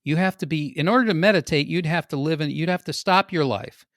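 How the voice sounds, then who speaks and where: A man hosting a podcast, opening the show in an energetic, jokey way. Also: brisk, no echo, studio quality. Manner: energetic and jokey, pitch jumps for emphasis. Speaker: podcast host. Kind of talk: upbeat podcast introduction.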